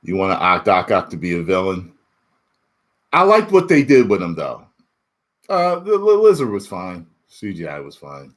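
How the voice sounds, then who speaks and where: Animated man chatting about a movie. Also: low-pitched, moderate pace. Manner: animated, laughing, swings between loud and muttered. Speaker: YouTube movie reviewer. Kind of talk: casual spoiler talk, reading chat aloud.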